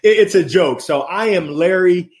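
Energetic, passionate man on a call. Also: high voice, normal speed. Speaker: guest. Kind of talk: casual conversation. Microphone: remote video call.

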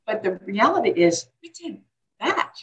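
A woman's voice: medium pitch, sing-song, normal speed, dull audio. A woman guest speaking on caregiving in an interview. She talks reflectively, often repeating words as she gathers her thoughts. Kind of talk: conversational interview.

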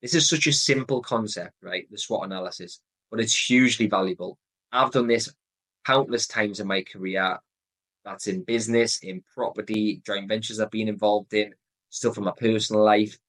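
A man's voice: fairly low pitch, fairly even intonation, moderate pace, fairly bright tone, rough recording. A man with a Geordie accent hosting his own podcast, explaining a decision method in an earnest coaching way that repeats the key points. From North East England. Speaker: podcast host. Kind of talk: solo podcast advice talk.

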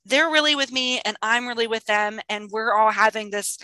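A woman with a bright, fairly high voice tells stories about her young students, animated and quick to act out their voices. She is talking over a video call, and the sound is close and dry with no room around it. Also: dry recording, rough recording. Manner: animated storyteller who acts out voices. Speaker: online teacher of young children. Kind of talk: casual chat, telling classroom stories.

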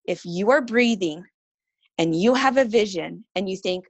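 Female guest, 30s, earnest animated storyteller, mid pitch, dry close mic. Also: moderate pace, no room sound. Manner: earnest, animated storytelling with lively quoted voices. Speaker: podcast guest. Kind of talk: casual interview talk.

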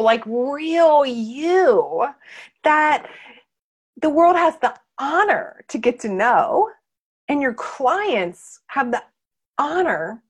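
A woman coaching her clients in a candid training talk, emphatic and blunt, and she swears freely. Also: sits high. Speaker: marketing coach.

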